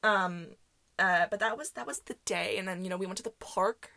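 A woman's voice: mid-range voice, normal speed, gravelly, bright, forceful tone, dry recording. A young woman hosting a podcast, telling stories in a chatty, rambling way, full of fillers and laughing often. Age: young adult. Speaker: podcast host. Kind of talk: casual solo storytelling.

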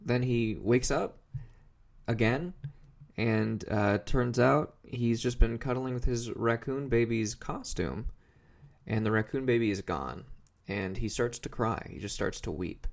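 A man's voice: mid-range voice, measured pace, gravelly. A man co-hosting a comedy podcast, chatting casually and rambling as he recaps a show and stumbles over his words. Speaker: podcast co-host.

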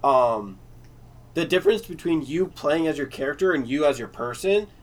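A man's voice: on the high side, animated, moderate pace. A man chatting loosely about role-playing games, rambling with lots of fillers and the odd swear. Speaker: player and game master. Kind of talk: casual podcast chat.

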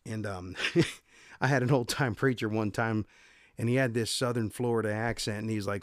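A man's voice: on the low side, steady tone, normal speed, no room sound, studio quality. A man hosting a devotional podcast, reading Bible passages aloud and explaining them in a casual, conversational way with frequent self-corrections. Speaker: podcast host and Bible teacher.

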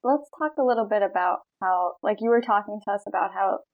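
A woman's voice: mid-range voice, quick pace, narrow, tinny audio. A woman in her twenties interviewing a guest, friendly and a little hesitant, with many "like" and "um". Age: 20s. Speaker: student interviewer. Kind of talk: casual interview conversation.

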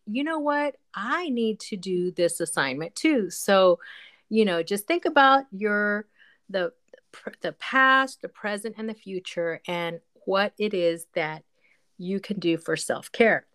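A woman hosting a casual podcast chat, encouraging and chatty, with many fillers. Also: medium pitch. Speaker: podcast host.

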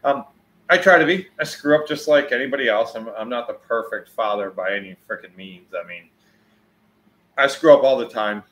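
A man in his forties chatting casually on a livestream, answering viewers, rambling and swearing freely, getting loud when he tells a story. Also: mid-range voice, normal speed, slight background noise.

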